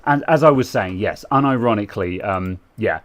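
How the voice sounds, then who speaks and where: A man's voice: fairly low pitch, animated, normal speed. A young British man co-hosting a casual tech chat, rambling with lots of fillers and restarts. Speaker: co-host.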